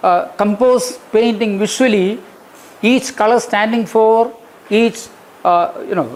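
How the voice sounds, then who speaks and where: A man's voice: high-pitched, a little hiss or hum, low-quality recording. A man giving an academic lecture, emphatic, repeating key phrases and counting out rhythms. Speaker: guest lecturer. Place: lecture hall.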